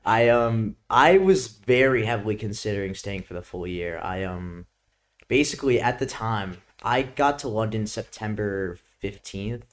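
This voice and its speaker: Casting: young man, New York accent, slightly low voice, easygoing storyteller with lots of "like". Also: a little slow. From Brooklyn, New York. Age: young adult. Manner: laid-back, laughing, lots of "like". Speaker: guest. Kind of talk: casual chat.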